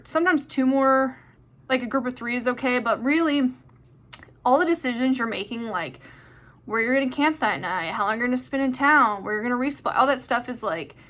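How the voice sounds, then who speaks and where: A woman's voice: a little high, lively intonation, brisk, fairly bright tone. A young woman answering viewer questions in a chatty, rambling way with lots of fillers. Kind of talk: casual chat.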